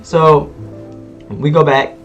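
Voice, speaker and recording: A man with a slightly high voice tells a story in a casual vlog, talking in easy slang. He acts out sounds as he goes. Soft music plays underneath. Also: slow, muffled recording. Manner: animated storytelling, loud sound effects. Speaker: vlogger.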